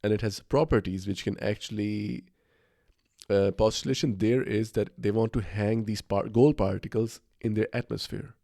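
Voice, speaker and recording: A man's voice: on the low side, fairly even intonation, moderate pace, creaky, mellow, no room sound, clean studio sound. A man co-hosting a podcast, talking casually in a rambling, enthusiastic way with plenty of fillers and restarts. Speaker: podcast co-host. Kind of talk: casual conversation.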